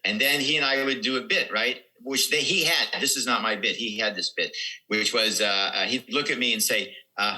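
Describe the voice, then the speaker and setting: A man's voice: on the low side, steady tone, moderate pace, sharp tone, poor audio. A man in his seventies, a comedian guest telling rambling anecdotes in casual podcast talk. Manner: rambling anecdotes with quoted dialogue.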